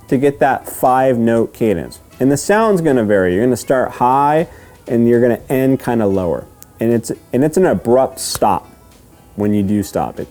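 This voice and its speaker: A man giving a step-by-step lesson, patient and repetitive, often checking in with "okay?" and slowly counting out rhythms. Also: mid-range voice, expressive, dark tone, soft background music. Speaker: duck calling instructor. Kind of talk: step-by-step instruction.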